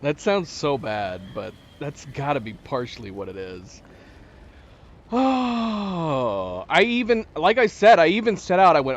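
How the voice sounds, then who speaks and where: A man reacting emotionally while commenting on a video game, halting and searching for words. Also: on the high side, wildly swooping pitch, lo-fi sound. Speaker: gaming channel host. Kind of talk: emotional let's play commentary.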